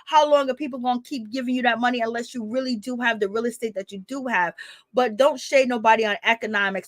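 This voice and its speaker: A woman giving sassy, animated commentary on a reality show, often calling out "girl" and laughing as she talks. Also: a little high, no echo. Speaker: commentary vlogger.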